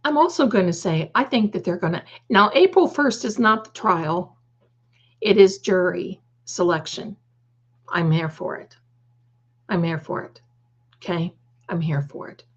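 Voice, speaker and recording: With a fairly low, breathy voice and lively intonation, a woman hosts a casual livestream at a measured pace with long pauses. She reads the chat aloud, addresses viewers as "darling," and slips in snarky, opinionated remarks. The audio's highs are cut off.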